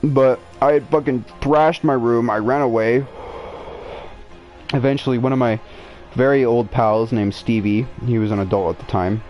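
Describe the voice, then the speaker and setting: A man's voice: medium pitch, fairly even intonation, moderate pace, dull audio, soft background music. A young man telling a long personal story on a podcast in a rambling, profane way, full of restarts and fillers. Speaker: podcast host. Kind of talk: casual storytelling.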